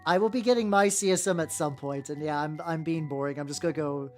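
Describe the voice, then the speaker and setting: A woman's voice: deep voice, quick pace, a little mellow, faint music behind. A woman streamer chatting casually while painting miniatures, rambling and swearing, with lots of fillers and restarts.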